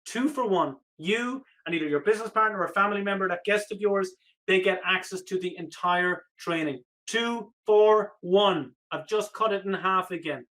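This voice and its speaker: A man giving an energetic, persuasive sales pitch on a live webinar, repeating the offer, his voice slightly hoarse. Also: normal speed, rough recording. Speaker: online business coach.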